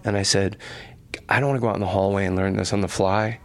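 Gravelly middle-aged guy on a podcast, spinning stories and doing everyone's voices. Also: on the low side, quick pace. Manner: animated anecdotes, acting out quoted voices. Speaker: podcast guest. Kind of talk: casual storytelling.

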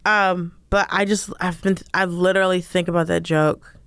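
A woman's voice: fairly low pitch, little pitch movement, normal speed, fairly bright tone, clean tone, no echo. A woman comedian chatting casually as a podcast guest, giggly and full of fillers. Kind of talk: casual chat.

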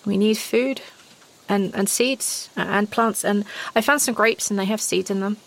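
A woman's voice: mid-range voice, normal speed, creaky, lightly acted, low-quality recording. A woman voicing an earnest young survivor girl.

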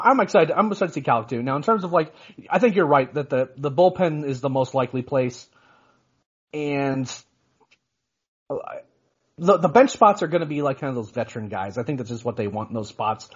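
A man talks fast as he co-hosts a casual sports podcast. He rambles, restarts often and fills with "you know". His voice is husky, with a dull, lo-fi quality. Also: medium pitch. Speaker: podcast co-host.

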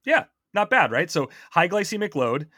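A man's voice: high-pitched, big pitch swings, moderate pace, bright, forceful tone, slightly rough, dry recording, clean studio sound. A man hosting a podcast, explaining science in a chatty way, quizzing his co-host and often restarting his sentences.

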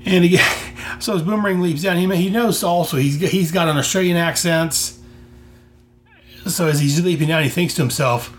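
A man's voice: on the high side, moderate pace, slight background noise. An American man hosting a podcast, talking through a comic enthusiastically with lots of rambling and restarts. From United States. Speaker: podcast host reviewing comics. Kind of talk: casual solo commentary.

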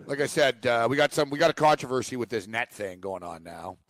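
A man's voice: mid-range voice, expressive, brisk, no echo. A man co-hosting a sports talk show, telling a long rambling story and acting out a phone call. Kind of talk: casual chat.

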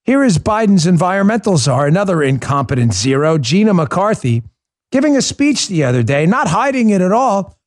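A man's voice: high voice, sing-song, a little fast, no echo, clean studio sound. A middle-aged man hosting a podcast, delivering a combative political monologue full of sarcasm and rhetorical questions. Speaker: podcast host.

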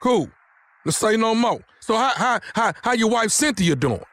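A man's voice: high voice, very animated, normal speed, a bit bright, no room sound. A man making a radio prank phone call, needling and confrontational, stammering and repeating himself.

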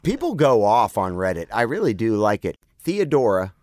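A man's voice: fairly low pitch, sing-song, normal speed, a little mellow, dry recording, clean studio sound. A man co-hosting a podcast in casual chat, joking around, laughing often and acting out mock moans. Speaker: podcast co-host.

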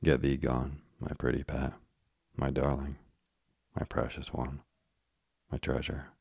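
A man's voice: rumbling low, monotone, measured pace, creaky, darkish tone, slightly rough, no room sound, clean studio sound, heavily acted. A man voicing a doting old witch woman in an audiobook, speaking in fond, archaic phrasing. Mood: proud.

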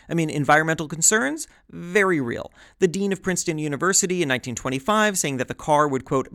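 Male podcast host: scripted, wry and chatty, slightly high with a gravelly rasp. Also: no room sound, studio quality. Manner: lively, wry, chatty asides.

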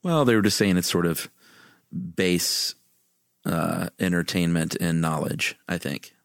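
A man co-hosting a podcast, talking in an easygoing, relaxed way. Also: low-pitched, measured pace, creaky, no echo, clean studio sound. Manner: easygoing, relaxed storyteller with fillers. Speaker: podcast co-host. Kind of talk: casual chat.

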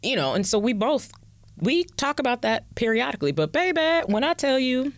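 A woman's voice: on the high side, sing-song, normal speed, dry recording, clean studio sound. A woman telling a personal story in a casual chat. She laughs often and talks in a loose, heartfelt way. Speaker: guest.

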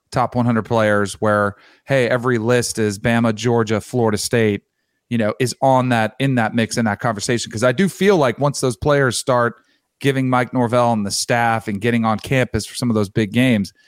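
Easygoing mid-pitched podcast man. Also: smooth, no room sound, clean studio sound. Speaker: podcast co-host. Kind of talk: casual sports chat.

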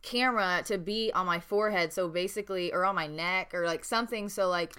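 Young woman podcast co-host, bright crisp voice, profane, giggly storyteller. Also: lowish voice, a little fast. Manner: swears freely, laughs often, animated storytelling. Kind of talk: casual chat.

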